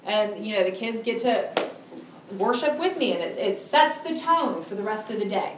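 A middle-aged woman delivers a sermon in a mid-range, expressive voice, earnest and emphatic, stretching out key words for stress. The recording is echoey and distant, with a noisy background.

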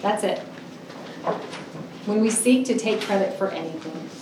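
A woman's voice: mid-range voice, noisy background. Woman preaching, echoey from a distance. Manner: earnest, emphatic, with drawn-out stresses. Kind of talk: sermon.

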